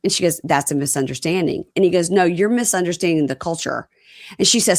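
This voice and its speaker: Lower-voiced woman, animated recapping. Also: quick pace, dry recording, studio quality. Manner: animated retelling, acting out quotes. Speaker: podcast co-host recapping reality TV. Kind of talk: casual chat.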